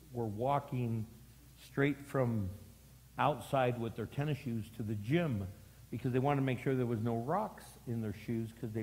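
A man's voice: medium pitch, darkish tone. A middle-aged male pastor preaching a sermon, with dramatic delivery and lots of repetition. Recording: long hall reverb.

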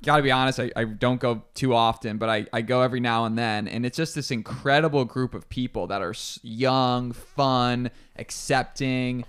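A man hosting a casual podcast interview, speaking in a relaxed, reflective way with frequent restarts. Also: mid-range voice, moderate pace, few pauses, clean tone. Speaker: podcast host.

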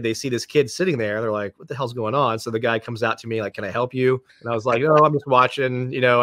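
A man's voice: medium pitch, fairly bright tone, dry recording, clean studio sound. A man, a podcast guest who tells long, rambling anecdotes and acts out the voices of people he quotes. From Florida, United States. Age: 50s. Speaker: podcast guest, police dog trainer. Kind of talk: casual storytelling.

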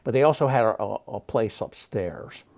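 A man in his sixties, a magic historian, telling stories in an interview, animated and rambling with many fillers and restarts. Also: on the low side, normal speed. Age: 60s. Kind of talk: interview storytelling.

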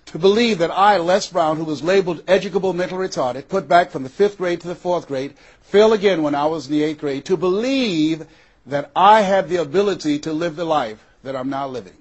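A husky, fairly high-voiced older man from the US delivers a motivational talk. He builds his points with dramatic pauses and slips into the voices of the people in his stories. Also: dull audio. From USA. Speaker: motivational speaker. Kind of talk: motivational speech.

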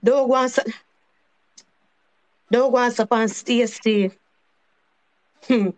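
A woman with a strong Jamaican accent vents on a live stream in a high-pitched voice. She circles back over the same points and swears freely in patois. The rant runs long and stays heated. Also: steady tone, slow pace, darkish tone. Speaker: channel host.

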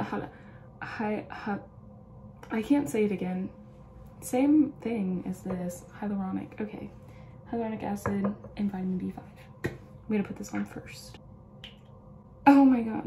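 A chatty young woman talks her way through getting ready at home, rambling and laughing between thoughts. Her voice is mellow and warm, and the room around her rings with a roomy echo. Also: mid-range voice, gravelly, a little hiss or hum. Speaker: beauty vlogger. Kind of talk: casual get-ready-with-me chat.

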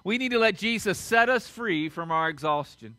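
A man's voice: high voice, animated, normal speed, pushed and bright, no room sound. A middle-aged man with a Southern American accent preaching a sermon as pastor, earnestly repeating key lines for emphasis.

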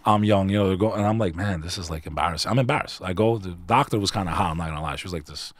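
A man's voice: low-pitched, quick pace, no room sound. A man in his forties from New York, a podcast guest telling a personal story in casual chat, earnest and confessional, calling the listener bro. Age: 40s.

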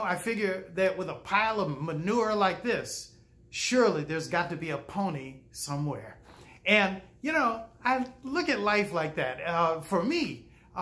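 High-voiced older pastor telling a folksy story. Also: male voice, a bit bright. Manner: folksy, with frequent "uh" pauses and acted-out quotes. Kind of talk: storytelling sermon.

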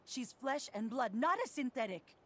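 A distressed mother in a video game who pleads and bristles with indignation. Her voice is high and breathy-husky. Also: animated, normal speed, fairly bright tone, no echo. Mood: upset. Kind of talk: game character dialogue.

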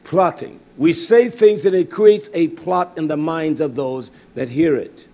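Preacher guy, high-ish gravelly voice, kinda husky, goes from loud declaring to low muttering. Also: a little slow, muffled recording. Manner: reads scripture aloud with many fillers and hallelujahs. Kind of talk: sermon.

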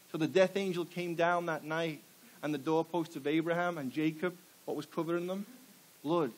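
Guy preaching in church, kinda high voice, keeps asking the crowd questions, punchy delivery. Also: steady tone, moderate pace, poor audio. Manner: fires rhetorical questions at the congregation; emphatic, call-and-response preaching. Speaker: pastor. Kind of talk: sermon. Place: church before a live congregation.

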